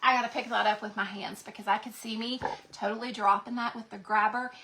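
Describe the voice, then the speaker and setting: A woman chats breathlessly through a craft livestream, gushing over every page. Her voice sits a little high, with a bright, gravelly edge. A faint hiss runs under the recording. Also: brisk. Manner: gushing, excitable, addresses viewers as y'all. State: recovering from being sick. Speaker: craft channel host. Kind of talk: livestream craft demo, chatting to viewers.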